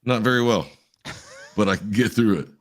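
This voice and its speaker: Male podcast host with a deep voice and a loose, rambling, profane delivery. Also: moderate pace. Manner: rambling storyteller, swears, laughs a lot. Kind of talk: casual chat.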